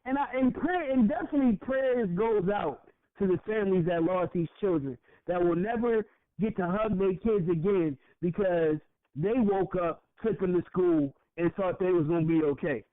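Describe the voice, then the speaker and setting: A man's voice: high-pitched, normal speed, no echo. A young adult man and podcast co-host, ranting with passion and a lot of profanity, stumbling over repeated words. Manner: heated, profane, repeats words when worked up. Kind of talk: impassioned casual podcast rant. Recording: tinny phone-like audio.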